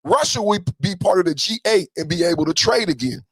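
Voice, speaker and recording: A man hosting a podcast, giving heated, profane political commentary and often shouting. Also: high-pitched, expressive, fairly quick, no room sound. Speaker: podcast host.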